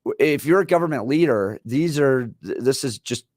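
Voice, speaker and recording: A man in his forties co-hosting a radio talk show, telling stories in an animated way and laughing as he goes. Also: mid-range voice, normal speed, dry recording, clean studio sound. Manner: animated storyteller, laughs while telling anecdotes.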